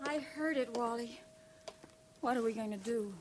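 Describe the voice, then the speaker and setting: An actress playing a worried, insistent young wife in a vintage radio play, speaking in an anxious, pleading way. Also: female voice, a little high, moderate pace, background noise, close to an everyday voice. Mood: frightened. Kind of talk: 1940s radio acting.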